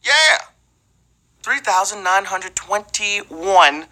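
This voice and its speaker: A man's voice: fairly high pitch, very animated, moderate pace, sharp tone. A man hosting a live trivia game show, playful and hyped, bantering with his viewers and breaking into bits of song.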